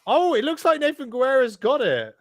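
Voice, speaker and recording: A man giving casual, excitable live race commentary, sweary and rambling with fillers. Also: very high-pitched, brisk.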